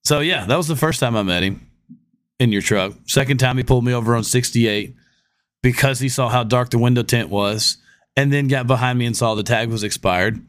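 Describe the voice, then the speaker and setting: A man's voice: medium pitch, fairly quick. A man telling a story in casual podcast chat. He acts out the other people in his story and laughs between lines. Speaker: fire department lieutenant.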